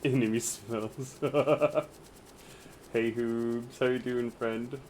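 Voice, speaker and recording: A man's voice: medium pitch, fairly even intonation, drawn-out words, darkish tone, a little hiss or hum, rough recording. A man streaming a game, chatting casually with crude, teasing banter and frequent laughter. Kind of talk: casual chat while gaming.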